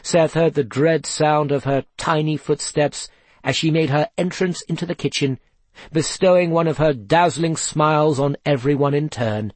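A man reading a story aloud in a measured, expressive way. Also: fairly high pitch, no room sound. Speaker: narrator. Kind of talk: storybook narration.

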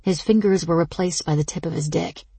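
A woman narrating an audiobook in the first person, slow and intimate, with a low, very breathy voice and a gravelly edge. The sound is close and dry. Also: dark tone, no room sound.

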